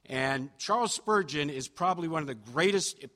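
A man's voice: fairly high pitch, animated, normal speed, bright, forceful tone. A man preaching a sermon in church, telling stories in a chatty, self-deprecating way with fillers and restarts. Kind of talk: sermon storytelling. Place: church sanctuary. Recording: reverberant church hall.

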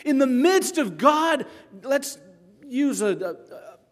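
A man preaching a sermon dramatically, dropping to a hush and then rising loud, and arguing with imagined listeners. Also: very high voice, very animated, slow. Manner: dramatic, swings between hushed and loud. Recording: long hall reverb.

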